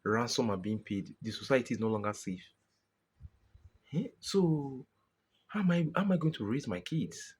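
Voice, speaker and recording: A man's voice: mid-range voice, expressive, moderate pace, pauses often, a little mellow, husky. A Nigerian man venting in a frustrated personal monologue to his viewers, exasperated and pleading, often repeating himself. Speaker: vlogger.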